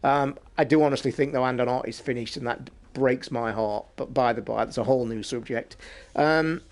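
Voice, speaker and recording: A man ranting about sport on a casual podcast stream, swearing a lot and swinging from loud outbursts to low asides. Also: fairly quick. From England. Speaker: podcast host.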